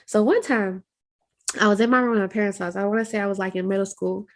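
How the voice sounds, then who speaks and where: A woman co-hosting a podcast who tells personal stories in a chatty, animated way. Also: mid-range voice, fast talker. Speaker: podcast co-host. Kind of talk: casual storytelling.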